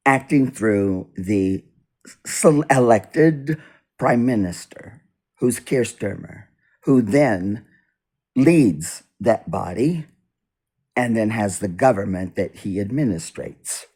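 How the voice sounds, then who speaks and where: Slow, lively-pitched man talking politics. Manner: halting, repeats and restarts, swings loud and soft. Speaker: video blogger. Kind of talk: unscripted political monologue. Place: indoors, US east coast.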